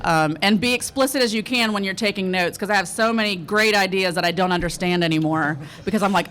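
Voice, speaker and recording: A woman's voice: mid-range voice, fast, hardly any pauses, a bit bright. A woman filmmaker on a panel, sharing writing tips in a friendly, chatty way. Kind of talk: panel talk giving writing advice.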